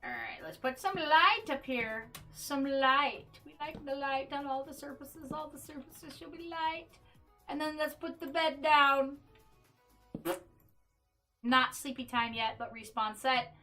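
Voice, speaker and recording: Chatty woman streamer, slightly high voice. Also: animated, unhurried, pushed and bright, soft background music. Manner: chatty, joking asides to chat. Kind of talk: casual gameplay livestream chat.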